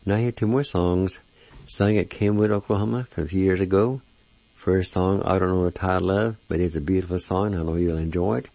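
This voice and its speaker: A man's voice: deep voice, fairly even intonation, brisk, mellow, dry recording. A man teaching a language lesson, carefully spelling and repeating each word in a dull lo-fi recording. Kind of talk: slow word-by-word pronunciation lesson.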